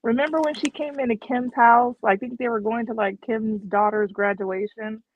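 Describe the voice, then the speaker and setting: A woman's voice: a little high, fairly even intonation, moderate pace, no echo. Woman giving opinions on a dull line. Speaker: panelist. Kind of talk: casual gossip chat. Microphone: remote call.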